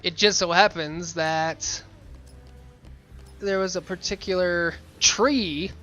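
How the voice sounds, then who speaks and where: A chatty man rambles playfully through a game session, his voice bright and slightly high. He jokes and muses in loose, casual commentary. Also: steady tone, slow, muffled recording, faint music behind. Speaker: let's play gamer.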